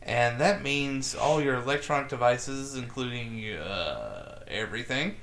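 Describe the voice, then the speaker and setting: A male podcast co-host explaining a science story in a joking, chatty way. His pitch swings widely as he talks. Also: expressive, measured pace, a bit bright, slight background noise. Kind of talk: casual chat, news segment.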